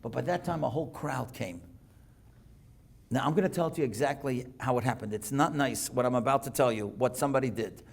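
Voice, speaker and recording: A man rabbi giving a storytelling sermon at a synagogue, animated as he reads and translates Hebrew texts. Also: mid-range voice, fairly quick, gravelly. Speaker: rabbi giving a guest lecture. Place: synagogue lecture.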